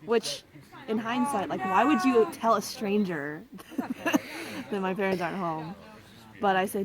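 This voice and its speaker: A woman's voice: mid-range voice, measured pace, crowd noise. A young woman casually recounting a true scary experience, chatty and full of fillers. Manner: conversational, lots of fillers and quoted dialogue. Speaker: storyteller. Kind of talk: casual true-story telling. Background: loud background music.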